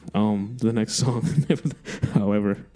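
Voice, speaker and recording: Low-voiced rambling radio DJ man. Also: warm tone. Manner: rambling, self-interrupting, jokey. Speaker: radio show host. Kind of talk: casual DJ chat between songs.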